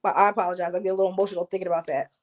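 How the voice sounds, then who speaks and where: A woman from New Jersey speaks very fast in a lowish, level voice. She's an activist guest on a panel discussion held over a video call, talking with passion and often restarting her sentences.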